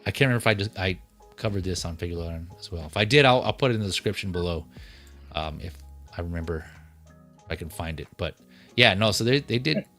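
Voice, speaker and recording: This livestream host's voice sits low and moves at a quick pace as he chats about collectible figures. Faint music runs underneath while he rambles casually, often restarting and filling gaps with filler words.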